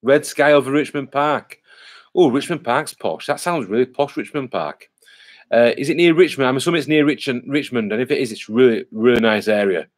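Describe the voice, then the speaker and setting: Speaking a little fast in a medium-pitched voice, an English vlogger reads viewer comments aloud on his live stream. He keeps it casual and rambling, packed with fillers.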